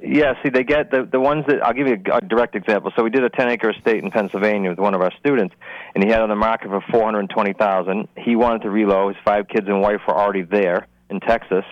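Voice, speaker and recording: Low-voiced Rhode Island man explaining deals. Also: fairly even intonation, fast talker, no room sound, muffled recording. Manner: explanatory, confident, methodical. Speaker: real estate investing guest. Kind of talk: radio talk show interview.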